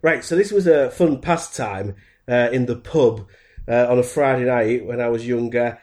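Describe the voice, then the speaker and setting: A man's voice: mid-range voice, normal speed, darkish tone. A man with a Humber English accent and a stuffy voice from hay fever, chatting in a rambling, self-mocking way. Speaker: podcast contributor. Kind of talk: casual chat. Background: music.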